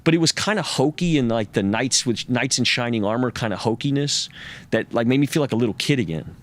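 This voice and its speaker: A man spills a raw personal story to an interviewer. His pitch sits in the middle of the male range, and he swears, stammers and repeats words. He slips into the voices of the people he quotes. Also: expressive. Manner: profane, halting, repeats words, acts out quoted speech. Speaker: interview guest.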